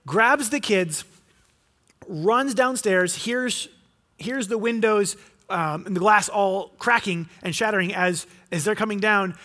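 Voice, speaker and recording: A pastor preaching a sermon, telling a story and acting out what people say. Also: male voice, pushed and bright. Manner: storytelling, acting out quotes with rising pitch.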